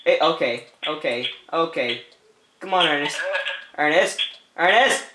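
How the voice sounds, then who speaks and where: High, bright, goofy gaming commentator man. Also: unhurried, echoey room, a little hiss or hum. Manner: laughing, teasing, goofy repeated calls. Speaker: gameplay commentator. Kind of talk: playful let's-play commentary.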